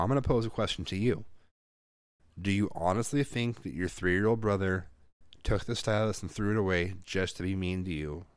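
A man in his thirties swears freely as he tells an animated story about his kids in casual chat. His voice sits a bit low, and the recording is close and dry with no room sound. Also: dry recording. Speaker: parent.

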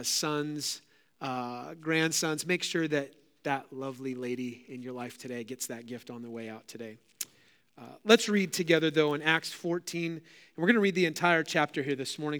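A man's voice: on the high side, fairly bright tone, clear, resonant tone. A man preaching as pastor at a church service, talking straight to the congregation with frequent fillers. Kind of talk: sermon with scripture reading.

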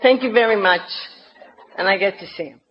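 A middle-aged woman with a New Jersey accent spins a funny story from her own life, slipping into loud mock outrage. Her voice sits at an ordinary pitch for a woman. The recording is dull and lo-fi, with faint noise behind her. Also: fairly quick. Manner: lively comic storyteller, acting out her past outbursts. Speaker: recovery meeting speaker. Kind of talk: humorous personal story talk.

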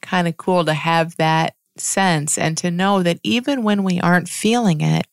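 Low gravelly-voiced woman musing. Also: a little slow, no echo, studio quality. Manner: musing, with frequent restarts and soft laughs. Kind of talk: reflective spiritual monologue.

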